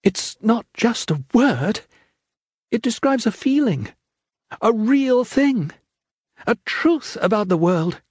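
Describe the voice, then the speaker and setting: A man voicing a desperate young daughter who pleads in a high, strained voice. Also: very animated, takes it slowly, pauses often, husky, dry recording, clean studio sound, heavily acted. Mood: pleading.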